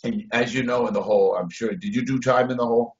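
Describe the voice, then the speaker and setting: A man telling a story on a video call, blunt and profane, shifting between loud bursts and low mutters. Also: fast talker. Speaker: interview guest. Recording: dull lo-fi video call audio.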